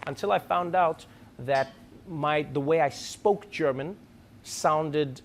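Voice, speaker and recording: A man, telling chatty, animated stand-up stories. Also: on the high side, takes it slowly. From South Africa. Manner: animated, chatty, frequent "like" fillers. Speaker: stand-up comedian. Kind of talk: stand-up storytelling.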